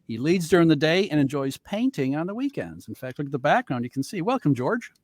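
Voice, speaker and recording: A man's voice: fairly high pitch, sing-song, a little fast, no echo. A man moderating an online panel, introducing guests with playful teasing jokes over a video call. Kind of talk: joking webinar moderation.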